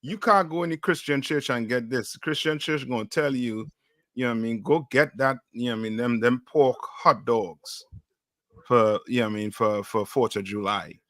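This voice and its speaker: A man's voice: medium pitch, normal speed, fairly bright tone, no room sound, studio quality. A man teaching a class in call-and-response style, firing questions and often asking "you know what I mean?".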